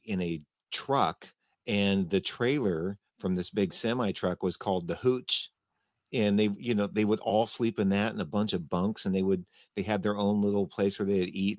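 A man hosting a casual conversation, talking in a halting way and often restarting his sentences. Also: fairly low pitch, fairly even intonation, no room sound, studio quality. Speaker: host.

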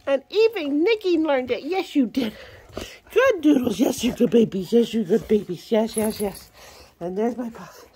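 A woman's voice: high-pitched, sing-song, moderate pace, dark tone. A woman breeder narrating a casual vlog, switching between plain explanation and sing-song baby talk to her puppies. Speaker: dog breeder.

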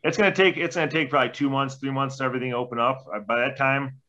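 A man's voice: medium pitch, steady tone, racing, pushed and bright. A man in his forties, a former hockey player, telling rambling, profane anecdotes as a podcast guest. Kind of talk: casual storytelling. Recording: dull lo-fi sound.

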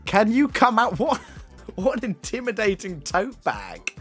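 A young man streams from home, his voice leaping up and down as he jokes and swears with his chat. He sounds excitable and mocking, with quiet music under his speech. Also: high voice, unhurried. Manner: teasing, excitable, swears and laughs often. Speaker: livestreamer. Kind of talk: casual live-stream commentary.

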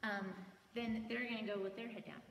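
A woman's voice: a little high, level tone, normal speed. A woman teaching choreography, humming the music and counting beats as she works out the moves. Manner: thinks aloud, hums the beats, counts out loud. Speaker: color guard choreography instructor. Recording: roomy, echoey, from far off, noisy.

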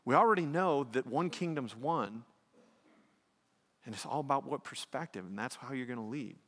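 Bright-voiced pastor preaching in a hall. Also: male voice, mid-range voice, moderate pace. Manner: animated, swings from loud to hushed. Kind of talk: sermon. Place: church sanctuary. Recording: long reverb of a church hall.

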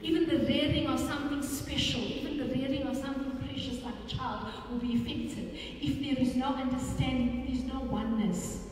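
A South African woman preaching a sermon as a pastor, animated and repeating phrases for emphasis. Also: sits high, a little fast, few pauses. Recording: echoey hall from far off, faint room noise.

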